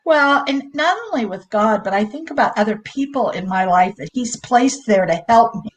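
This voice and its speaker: Slightly high-voiced woman co-host. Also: lively intonation, normal speed, rough recording. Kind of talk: casual faith chat on a webcast.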